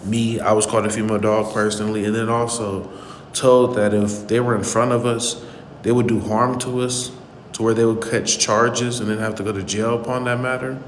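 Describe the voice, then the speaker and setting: A man's voice: fairly low pitch, little pitch movement, moderate pace, echoey room, in a large hall, a little hiss or hum. A man hosting his channel, giving an earnest, indignant commentary on a clip he played and repeating his points for emphasis. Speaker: channel host.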